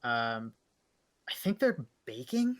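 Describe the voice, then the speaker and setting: A man's voice: mid-range voice, sing-song, slow. Robin, a man voicing a whispering sneak. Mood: hushed. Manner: hushed, hedging whisper. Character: Robin, a sneaky male adventurer whispering to a companion.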